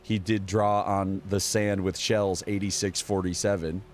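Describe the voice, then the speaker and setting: A man with a lowish voice rambles through political news with biting sarcasm, reading headlines aloud and talking back at them. A faint hiss of noise sits under the recording. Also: flat delivery, unhurried. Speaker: political commentary streamer. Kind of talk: casual political commentary.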